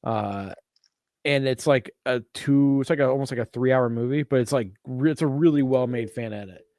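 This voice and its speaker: A man's voice: medium pitch, moderate pace, darkish tone, dry recording, studio quality. A man co-hosting a casual chat, crude and joking, often slipping into silly voices. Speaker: podcast co-host.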